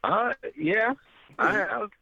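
A male musician being interviewed, answering in a relaxed, agreeable way. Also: high-pitched, takes it slowly, gravelly. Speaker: guest musician. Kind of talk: casual interview chat. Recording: dry, tinny phone-like line.

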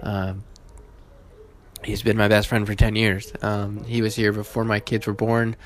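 A man hosting his own podcast, casual and halting, with many fillers and restarts, emotional and holding back tears. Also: on the low side, completely flat delivery. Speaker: podcast host.

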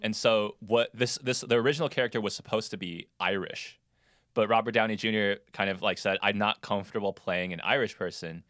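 A man's voice: lowish voice, steady tone, a little fast, fairly bright tone, no echo, clean studio sound. A man in casual conversation about movies, laughing often and sharing film trivia.

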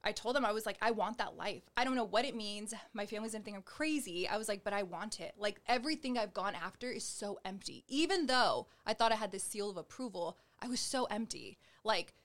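A young woman tells her faith story to an interviewer in a loose, chatty way, with "like" in almost every phrase. She slips into the voices of the people she quotes and gestures as she talks. Her pitch sits in an ordinary middle range for a woman. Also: expressive, fairly quick, few pauses, fairly bright tone. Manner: chatty, heavy use of "like", acts out quoted dialogue; gestures while talking. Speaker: guest sharing her testimony. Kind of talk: personal faith testimony in conversation.

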